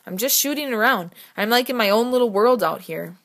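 A woman's voice: on the high side, expressive, a little fast, fairly bright tone, pitched above the performer's own voice. A woman reading the part of a nervous boy, hesitant but trying to stand his ground. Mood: guarded.

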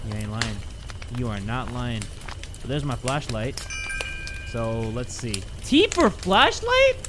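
A young man doing let's-play commentary, excitable and crude, joking loudly at the screen. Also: medium pitch, takes it slowly, heavy background noise. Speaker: gaming YouTuber.

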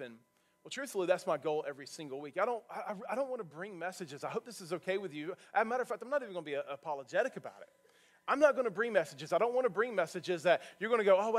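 A male pastor preaching a sermon from a church stage, earnest and building to emphatic points. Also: fairly high pitch.

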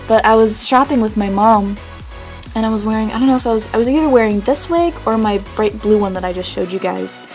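A woman's voice: mid-range voice, fairly quick, a little mellow, faint music behind. Giggly young woman reviewing wigs. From New Jersey. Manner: chatty and giggly, laughs often. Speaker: beauty vlogger. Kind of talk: casual product review.

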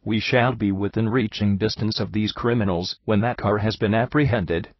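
A man voicing an excitable, flowery French detective who talks theatrically, on a dull, dry, lo-fi recording. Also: fairly low pitch, moderate pace, slightly rough, no echo. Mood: urgent. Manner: theatrical, effusive, exclamatory.

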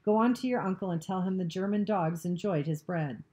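A contemptuous soldier who barks and snaps at a child, scornful in every line, as a woman puts him on. The voice stays low and mellow, a storybook reading with a warm, soft edge. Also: brisk, lightly acted. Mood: harsh. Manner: barking, contemptuous, snapping. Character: harsh scornful male soldier.

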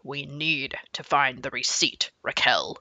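A woman's voice: a bass voice, takes it slowly, bright, forceful tone, dry recording, voice pushed down, heavily acted. A woman voicing a grumpy, stubborn middle-aged father in a children's book read aloud, speaking stern and clipped.

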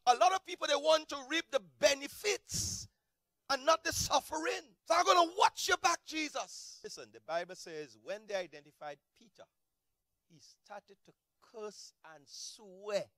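A male pastor preaching with a strikingly high voice, recorded close and bone-dry. He drives his points with sudden shouted bursts, then drops low and quiet for asides. The delivery is animated and full of swings. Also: a little slow, no room sound. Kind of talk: sermon.

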